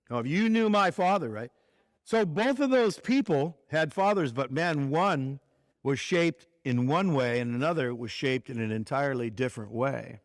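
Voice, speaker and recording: A man speaking at a ministry conference, telling a personal story in a conversational sermon and dropping his voice low for the serious points. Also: lively intonation, moderate pace, no room sound, studio quality.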